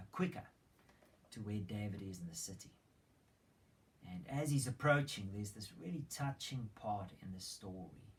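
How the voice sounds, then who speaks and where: A man preaching a sermon as a story, retelling it with dramatic emphasis and hushed moments. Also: lowish voice. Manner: dramatic retelling, swings between loud emphasis and hushed whispers. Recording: distant mic with faint background noise.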